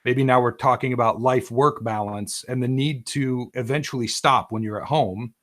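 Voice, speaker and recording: A man's voice: medium pitch, steady tone, normal speed, fairly bright tone. A man interviewing a client over a video call, conversational and loose, often saying "like" and "um". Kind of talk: casual remote interview.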